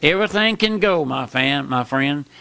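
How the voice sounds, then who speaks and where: Gravelly bright-voiced preacher man, fiery sermon, dry close sound. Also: animated, no room sound. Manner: impassioned with sudden pitch jumps and drawn-out emphasis; repeats "my friend" often.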